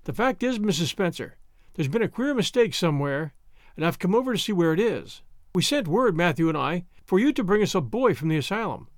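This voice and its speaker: A man reading an audiobook, voicing a shrewd, practical middle-aged woman who speaks brisk and matter-of-fact. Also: high voice, very animated, no room sound, clean studio sound.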